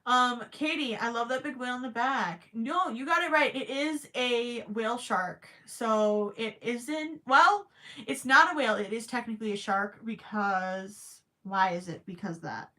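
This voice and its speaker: Hosting a crochet live stream, a woman chats casually and thinks aloud, stammering through restarts as her voice cracks from hours of talking. Her voice is a little high and a bit bright, and she talks a little slowly with few pauses.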